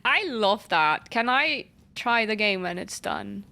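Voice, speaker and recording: A woman's voice: medium pitch, expressive, slow pace, gravelly, bright, forceful tone. A woman streaming a video game, chatting playfully with her viewers, reading their messages aloud and swearing casually at enemies. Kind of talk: casual gaming livestream commentary.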